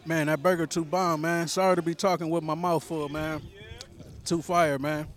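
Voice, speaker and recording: A man's voice: fairly high pitch, level tone, moderate pace. A man vlogging food reviews at an outdoor market, hyped and slangy, calling everyone man. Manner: hyped slangy chatter, says man a lot. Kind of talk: casual food review vlog.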